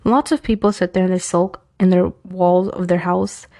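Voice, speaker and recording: A woman from New York with a New York accent, hosting a casual advice talk in a chatty, animated way that drifts into playful self-mocking tangents. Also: lowish voice, normal speed. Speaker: host of an Islamic advice podcast.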